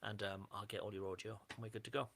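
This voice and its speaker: Gravelly bright-toned man chatting. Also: fairly low pitch, level tone, quick pace. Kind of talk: casual chat.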